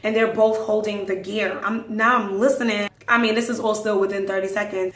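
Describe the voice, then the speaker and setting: A woman hosting a podcast, telling stories casually in an animated way, acting out the dialogue and dropping into hushed asides. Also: medium pitch, brisk, hardly any pauses. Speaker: podcast host. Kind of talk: casual storytelling. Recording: roomy echo.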